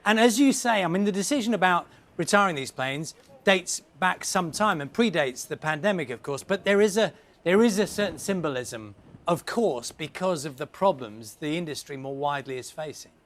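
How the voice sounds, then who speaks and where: News anchor guy in the studio, higher voice, calm, easy back-and-forth. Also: moderate pace. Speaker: news presenter.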